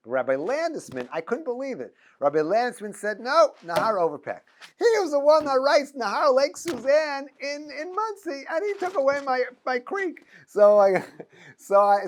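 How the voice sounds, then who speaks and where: A middle-aged man giving an informal class as a rabbi, telling stories with frequent restarts and chuckles. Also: high voice. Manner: animated storyteller, many restarts and chuckles. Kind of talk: informal lecture with anecdotes.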